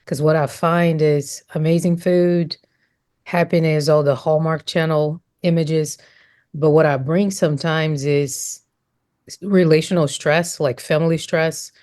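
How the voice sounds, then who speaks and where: A woman on a podcast talking in a casual chat, with a thoughtful, measured delivery. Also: sits low, steady tone, darkish tone. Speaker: podcast panelist.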